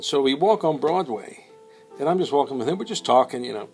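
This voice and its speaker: A man's voice: mid-range voice, expressive, fast, darkish tone, faint music behind. Man rambling through a story. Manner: rambling, with many fillers and quoted voices. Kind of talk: casual anecdote telling.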